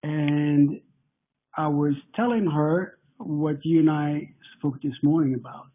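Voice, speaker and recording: A man, hoarse from flu and nearly voiceless, joking and playful in a halting way as a guest on a call. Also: on the high side. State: losing his voice, husky from flu. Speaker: fitness program creator, guest. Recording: tinny phone-line audio.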